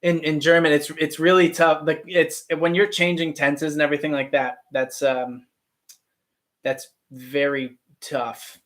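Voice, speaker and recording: On a relaxed livestream, a male actor answers his chat, teasing himself in a friendly, talkative way. He speaks unhurriedly, his voice on the high side, level and fairly bright.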